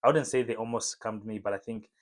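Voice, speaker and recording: A man talking casually to camera in a home vlog, relaxed and chatty with lots of fillers. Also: on the low side, fast. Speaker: vlogger. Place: home room lit by a window.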